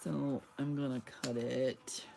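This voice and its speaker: Lady chatting thru her craft stream, gravelly voice, kinda slow, bit of hiss behind. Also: rumbling low, little pitch movement. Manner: chatty, talks to herself while working. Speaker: crafting livestreamer. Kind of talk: casual crafting chat to viewers. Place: her home loft.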